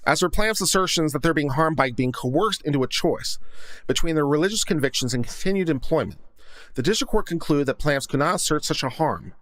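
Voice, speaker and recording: A man's voice: fairly high pitch, fairly bright tone, no echo. A man hosting a legal commentary show, reading a court opinion aloud and breaking in with thoughtful asides of his own. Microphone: studio condenser mic.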